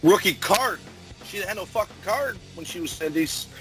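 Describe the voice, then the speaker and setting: A man's voice: sits high, lively intonation, moderate pace, music in the background. A man co-hosting a casual podcast over a video call, laid-back and blunt, swearing offhandedly. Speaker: podcast co-host. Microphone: remote video call.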